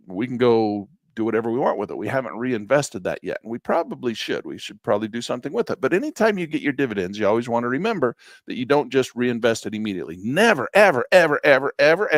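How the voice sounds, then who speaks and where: A man's voice: medium pitch, gravelly, no room sound. A middle-aged man teaching a live trading class, blunt and emphatic, repeating points for effect in a folksy way. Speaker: trading instructor.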